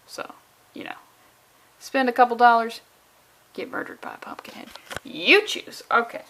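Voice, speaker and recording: A woman's voice: a little high, lively intonation, moderate pace, fairly bright tone, a little hiss or hum. A young woman giving a rambling, sarcastic comic book commentary with profane asides. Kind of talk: casual comedic commentary.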